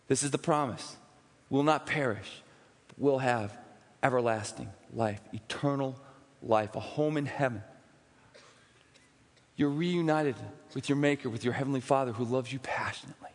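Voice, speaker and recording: Impassioned male preacher, echoing church. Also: on the high side. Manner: impassioned, swings from loud emphatic peaks to hushed asides. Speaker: pastor. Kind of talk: sermon. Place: church sanctuary.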